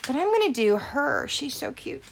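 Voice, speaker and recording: A woman vlogging about paper crafting in casual chat, ranting in an animated way and swearing freely as she works at her craft table. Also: high voice, normal speed, vocal fry, background noise. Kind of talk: casual chat while stamping cards.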